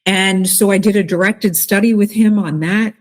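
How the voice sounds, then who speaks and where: An earnest woman speaks openly in a conversational interview, her voice full of emotion as she tells a personal story of faith. She talks haltingly and often restarts her sentences. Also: medium pitch, fairly even intonation. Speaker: interview guest.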